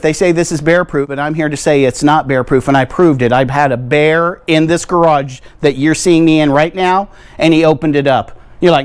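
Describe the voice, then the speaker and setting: A man's voice: a little high, clear, resonant tone. A man from the United States hosting a playful product review vlog from his garage, rambling with tongue-in-cheek claims and checking in with viewers. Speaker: video host reviewing coolers. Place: home garage.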